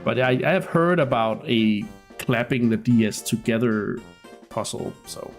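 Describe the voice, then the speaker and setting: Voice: medium pitch, lively intonation, unhurried, faint music behind. A streamer chatting casually while playing a game, laid-back and giggly, rambling through thoughts. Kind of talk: casual let's-play commentary.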